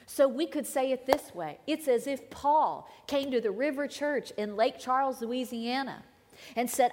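A woman guest preacher delivering a conversational sermon, swinging between emphatic lines and hushed asides. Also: high voice, measured pace. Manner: conversational, dramatic shifts between loud and hushed. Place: church sanctuary. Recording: long hall reverb.

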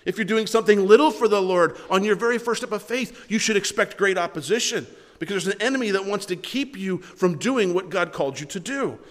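Brief: male pastor, high voice, conversational sermon, long hall reverb. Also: lively intonation, brisk. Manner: conversational, restarts often.

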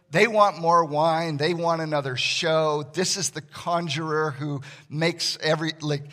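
A man preaching a sermon as a pastor, conversational and animated, acting out the voices he quotes. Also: a little high.

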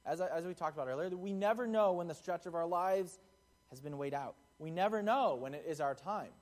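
Young male preacher, slightly higher voice, relaxed chatty sermon delivery. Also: a little fast. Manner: conversational, acts out quotes in the parable. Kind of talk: casual sermon.

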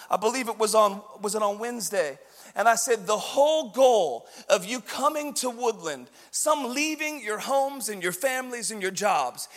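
A male pastor preaching a sermon with passion, shouting and letting his voice rise into a sing-song. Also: extremely high pitch, long reverb tail.

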